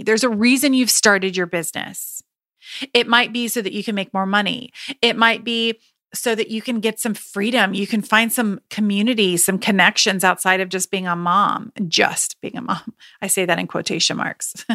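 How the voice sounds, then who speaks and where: Woman podcast host, bright forward tone, dry close sound, casual and chatty. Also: mid-range voice, no room sound. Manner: chatty and emphatic, with frequent restarts and quoted asides. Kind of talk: casual solo podcast talk.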